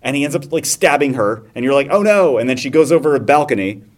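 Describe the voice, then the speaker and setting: A man in casual podcast chat, retelling a movie with animated energy and quick acted-out voices. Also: mid-range voice. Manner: animated storyteller acting out scenes in voices. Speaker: podcast host.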